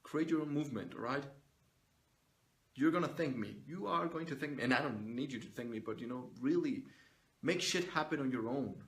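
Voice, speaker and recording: A man's voice: mid-range voice, a little fast, a bit bright. Fired-up, foul-mouthed man preaching to camera. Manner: blunt, profane and fired up, with lots of swearing. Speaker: motivational vlogger. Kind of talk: unscripted motivational monologue to camera. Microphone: phone or camera he is recording himself on.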